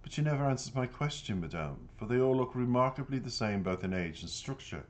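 A man reading the lines of a nosy, refined middle-aged woman, lifting his voice higher and asking prying questions. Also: animated, a little fast, lightly acted. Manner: prying, inquisitive.

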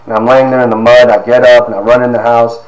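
A man's voice: medium pitch, little pitch movement. Man telling his story in an echoey room. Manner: halting, many fillers, acts out quoted dialogue. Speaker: speaker giving a testimony. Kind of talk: personal storytelling talk. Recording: roomy echo.

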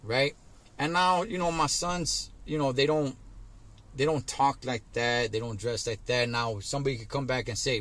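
Talking casually to the camera, this middle-aged trucker shares his opinions at a moderate pace in a medium-pitched, slightly bright voice. He leans on relaxed street slang, dropping "man," "dog" and "homie" again and again.

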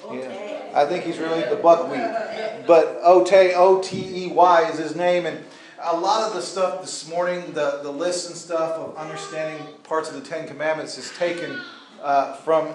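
A man's voice: on the high side, reverberant. A man preaching a sermon in a conversational way, with asides to the congregation. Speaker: pastor. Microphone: handheld or stand mic.

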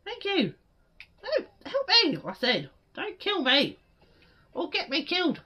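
A woman giving frantic let's play commentary, yelling and pleading at the game. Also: very high voice, huge pitch swings, slow. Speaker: gaming streamer.

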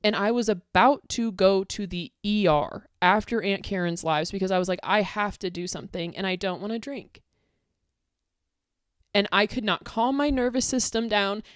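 A woman's voice: medium pitch, moderate pace, no echo, clean studio sound. A young woman ranting angrily to camera, swearing and confronting an online critic. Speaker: content creator.

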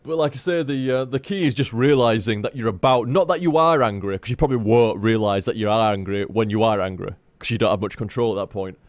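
A man's voice: lowish voice, fast, hardly any pauses, dry recording. A man in frank, rambling live-stream chat, swearing freely and restarting his sentences as he talks to viewers.

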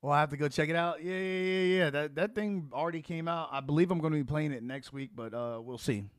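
A young man streaming a role-play game, chatting casually and taunting loudly when worked up. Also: on the high side, quick pace, no echo, clean studio sound. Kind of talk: casual live commentary while gaming.

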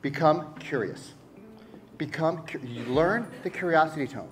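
A man giving a sales-training talk on stage, animated and rhetorical, firing questions at the audience. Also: a little high, a little slow. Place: stage before a live audience.

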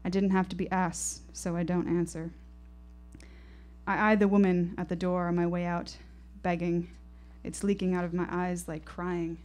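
Woman storyteller, lowish voice, intense and rhythmic, live stage telling. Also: level tone, moderate pace, a little mellow. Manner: intense, poetic, rhythmic delivery. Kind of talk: live first-person storytelling performance.

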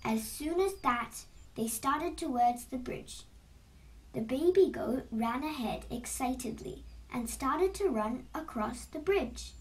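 A woman narrating an illustrated storybook in a slow, expressive read-aloud style, heard from a distant mic. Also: high-pitched.

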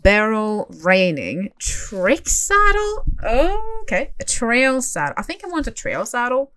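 Excitable young woman narrating her gameplay. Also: mid-range voice, moderate pace, clean tone. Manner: excitable, talks to herself and the horses, squeals and gasps. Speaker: gaming channel host. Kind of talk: casual gameplay commentary.

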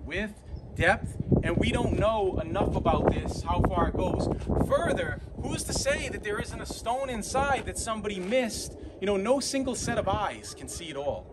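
A man with a Boston accent leading an outdoor walking tour, explaining sites in an animated, persuasive way. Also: high-pitched, moderate pace. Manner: animated, persuasive, points things out on site. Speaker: tour guide and host. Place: outdoors at an ancient site. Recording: outdoor traffic noise behind.

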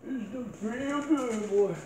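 A man playing a gruff, hard-drinking rural father in a comedy sketch, talking in a blustery, folksy drawl. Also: extremely high pitch, slow, background noise, voice pushed up. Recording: roomy echo.

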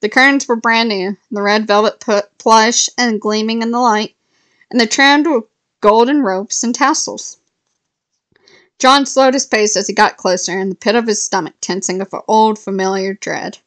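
A woman casually reading a novel aloud, stumbling and correcting herself now and then, with a lift in pitch for quoted lines. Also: steady tone, normal speed, a bit bright. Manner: unpolished reading with restarts and self-corrections. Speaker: reader of a novel. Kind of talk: casual read-aloud storytelling.

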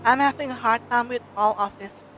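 A woman's voice: fairly high pitch, fairly quick, a bit bright, soft background music, lightly acted. Woman reading as an anxious young heroine. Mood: earnest.

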